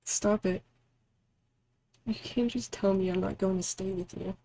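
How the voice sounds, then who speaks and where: A woman's voice: medium pitch, fairly even intonation, unhurried, dark tone, slight background noise, lightly acted, poor audio. A woman reading the lines of a devoted young heroine in a story game, earnest and pleading.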